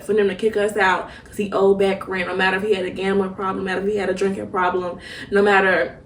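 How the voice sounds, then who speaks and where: Young woman, halting and emotional, roomy echo, a bit away from the mic. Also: medium pitch, little pitch movement, far from the mic, slight background noise. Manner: halting, emotional, many fillers and restarts. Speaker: podcast host. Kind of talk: personal reflective monologue.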